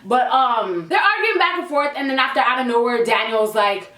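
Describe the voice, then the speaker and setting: Young woman, high voice, lively slangy storyteller, echoey room, mic a bit far off. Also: moderate pace. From Canada. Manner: animated, slangy, acts out quotes. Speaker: vlogger. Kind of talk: storytime vlog.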